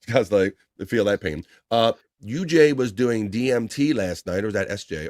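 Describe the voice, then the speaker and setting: A man hosting a casual livestream, reading viewer chat shout-outs aloud with laughs and loose swearing. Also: on the low side, expressive, normal speed, few pauses, dry recording, clean studio sound.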